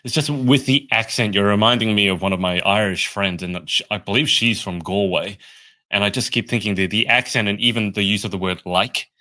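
A man's voice: on the low side, a little fast, pushed and bright. A man hosting a podcast interview, asking curious, friendly questions in a casual way. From Australia. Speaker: podcast host.

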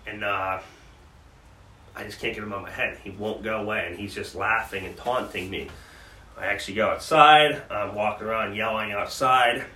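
Man, earnest candid storytelling, lowish voice, roomy distant mic. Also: moderate pace, pushed and bright. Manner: earnest, recounting trauma candidly with restarts. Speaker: podcast co-host. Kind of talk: personal storytelling in conversation. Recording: roomy sound from a distant mic with faint background noise.

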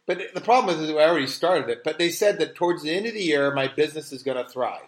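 Animated and fast-talking, a male podcast co-host with a slightly high voice spins stories in casual conversation. He rambles and keeps restarting as he goes.

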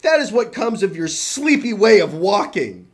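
A man voicing a greedy, scheming soldier who talks loud and excited in a comic storybook reading. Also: high-pitched, normal speed, voice pushed up. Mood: eager. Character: greedy scheming male soldier, cheeky and pushy.

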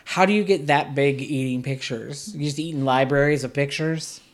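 A man's voice: a little high, normal speed. A man hosting a podcast, casually reviewing a film in a sarcastic, exasperated way. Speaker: podcast host.

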